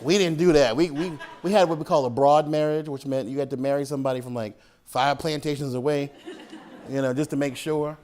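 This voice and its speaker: Guy doing a book talk, fairly high voice, laughs a lot, acts out the people in his stories. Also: fairly even intonation, a little fast, a little mellow. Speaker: author giving a book talk. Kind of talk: lively storytelling to an audience. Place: public hall with audience.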